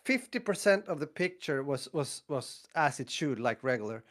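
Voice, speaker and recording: A man in his fifties from northern Sweden with a Swedish accent, telling stories in a casual podcast chat, acting out quotes and laughing often. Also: moderate pace. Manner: animated, acts out quotes with big pitch jumps, laughs often. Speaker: podcast co-host.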